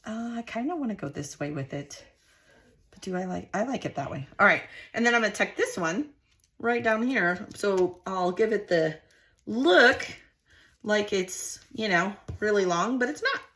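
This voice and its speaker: A woman's voice: medium pitch, expressive, normal speed, a bit bright. A middle-aged woman hosting a crafting video, chatting casually and homely to her viewers as she works at her craft desk. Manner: chatty and homey, talks to viewers directly. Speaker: scrapbooking channel host. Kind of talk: casual crafting tutorial chat.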